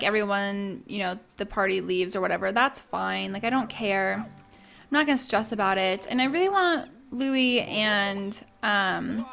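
A woman's voice: on the high side, vocal fry, a bit bright. A young woman giving casual, bubbly let's-play commentary, gushing and chatting with her viewers and characters. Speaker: gaming YouTuber.

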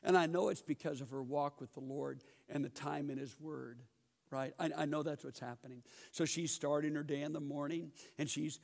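A middle-aged man teaching a Bible class in a church building, telling stories and questioning the class in a lively way. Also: fairly high pitch, moderate pace, vocal fry, long reverb tail.

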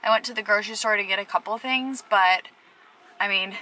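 A woman's voice: mid-range voice, fast talker, sharp tone, rough recording. A young woman talking casually to camera in a vlog, chatty and rambling with lots of filler words. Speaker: vlogger.

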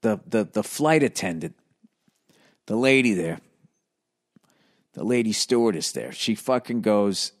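A man's voice: lowish voice, lively intonation, unhurried, long pauses. A male comedian telling a story as a profane, exasperated, rambling casual rant. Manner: rambling with restarts.

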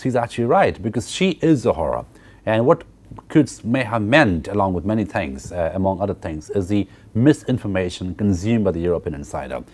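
A man with a low, deep voice delivers a recorded university lecture on literature. He works through the text at a measured, explanatory pace. He keeps checking in with "okay" and "right" and fills his pauses with "uh" and repeated words. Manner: hesitant fillers and repeated words.

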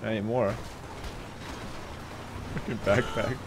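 A man streaming a video game, commenting live in an excitable, jokey way with plenty of swearing. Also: fairly low pitch, slow, noisy background.

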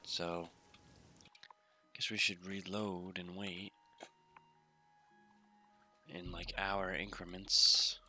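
A man's voice: deep voice, flat delivery, extremely slow, long pauses, bright, forceful tone, soft background music. Drowsy man narrating his gameplay. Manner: laid-back, drowsy, mumbling asides. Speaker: gaming YouTuber. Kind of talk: casual gameplay commentary.

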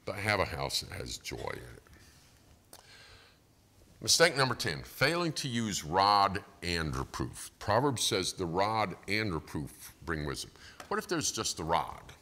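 A middle-aged man preaching in a church, his low voice bright and forceful. He swings widely in pitch as he tells stories, acting out quotes with a chuckle here and there. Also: a little slow. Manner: animated storytelling with acted quotes and chuckles. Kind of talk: sermon.

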